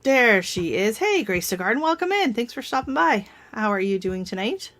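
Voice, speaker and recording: A woman's voice: a little high, very animated, normal speed, a bit bright. A woman hosting a casual live stream from home, chatting and telling rambling stories with frequent laughs.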